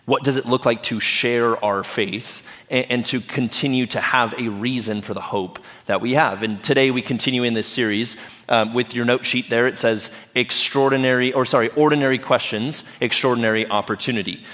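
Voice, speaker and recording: A man's voice: medium pitch, steady tone, moderate pace, a bit bright. Pastor guy giving a chatty funny sermon, mid voice, church hall echo on it. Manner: conversational and humorous, often asking "right?". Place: church auditorium. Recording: long reverb of a church hall.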